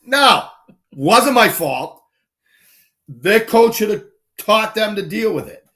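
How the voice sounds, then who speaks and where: A man spins casual stories on a live stream, his voice sitting a little high for a man. He keeps the pace loose and acts out other people's lines as he goes. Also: slow. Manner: animated anecdotes, acts out voices and shouts. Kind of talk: casual storytelling.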